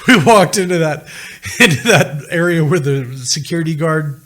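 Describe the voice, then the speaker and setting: A man's voice: on the high side, moderate pace, a bit bright. A middle-aged man telling a personal story as a podcast guest, acting out the voices of the people he quotes.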